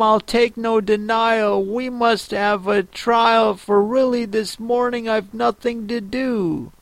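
A man's voice: high voice, creaky, no room sound, pitched above the performer's own voice. A man voicing a touchy, mournful little mouse in a storybook reading. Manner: sighing, mournful, severe.

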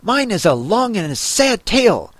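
A man's voice: high-pitched, flat delivery, takes it slowly, vocal fry, no room sound, voice pushed up, heavily acted. Man doing a mournful little mouse. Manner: sighing, mournful, severe.

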